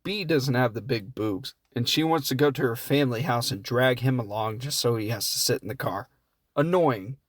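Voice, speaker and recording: A man casually and comically recapping a movie plot, rambling and profane, often slipping into quick quoted voices. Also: medium pitch, no room sound, studio quality. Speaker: podcast host reviewing films.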